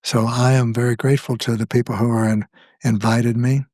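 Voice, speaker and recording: An older man talks slowly and deliberately, weighing each thought as a guest in a reflective conversation. His voice sits at an ordinary middle pitch and the recording is close and dry, with no room sound. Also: little pitch movement, a little mellow, dry recording. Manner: slow, measured, thoughtful. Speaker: guest, spiritual author.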